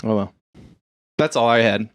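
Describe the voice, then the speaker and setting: A man's voice: mid-range voice, moderate pace. A man co-hosting a podcast in laid-back, chatty conversation. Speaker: podcast co-host. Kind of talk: casual chat.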